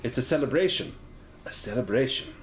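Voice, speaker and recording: A man's voice: sits high, big pitch swings, brisk, a little mellow, roomy sound, pitched above the performer's own voice. Man doing a lilting village landlady. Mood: chatty. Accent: Scottish-sounding put-on lilt. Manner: chatty, lilting, homely. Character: kindly village landlady, warm but guarded.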